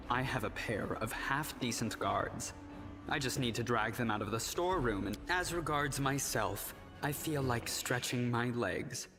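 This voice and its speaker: An actor playing a haughty, decadent noble count in a video game, with a drawling, arch delivery. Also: male voice, medium pitch, in a large hall, lightly acted. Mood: amused. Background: game music.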